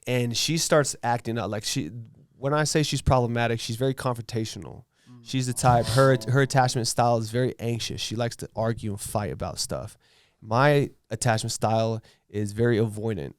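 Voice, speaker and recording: A man's voice: mid-range voice, normal speed, clear, resonant tone, dry recording, studio quality. A man telling a personal story in casual podcast chat, blunt and laid-back, with lots of fillers and swearing. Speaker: tattoo artist guest.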